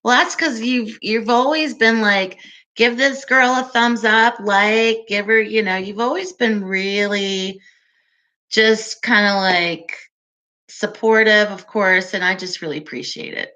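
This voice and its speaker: A woman hosts a relaxed livestream chat, her soft, calming voice unhurried and slow. Her tone is bright and clear, and she keeps it easygoing and giggly as she answers her viewers. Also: medium pitch, dull audio. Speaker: livestream host.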